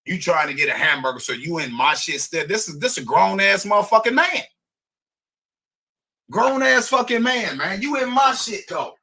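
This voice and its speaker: A man giving an angry, profane rant, often shouting and repeating himself. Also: sits high, expressive, moderate pace, gravelly, slightly rough. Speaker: homeowner ranting on video.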